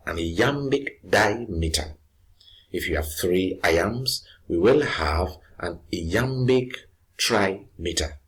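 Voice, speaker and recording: A man teaching a lesson, explaining slowly and patiently, repeating points and restarting phrases. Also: low voice, husky. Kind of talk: recorded lesson.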